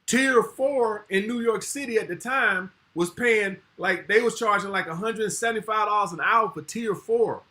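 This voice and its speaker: A man's voice: sits high, normal speed, hardly any pauses, pushed and bright. A middle-aged man in casual podcast chat, laid-back and blunt, heavy on slang. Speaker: podcast co-host.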